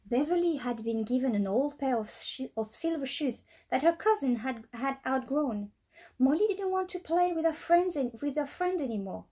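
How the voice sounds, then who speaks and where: A woman teacher reading a children's storybook aloud, with a light British accent, in a lively storytelling way. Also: sits high, normal speed. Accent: British English.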